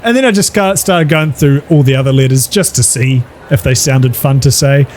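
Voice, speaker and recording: A man's voice: medium pitch, moderate pace, darkish tone. A man with a mid-range voice chats casually and laughs often while telling stories. His jokes come easily, and a faint hiss of background noise sits under his voice. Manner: laughs often, joking reactions. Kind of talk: casual chat.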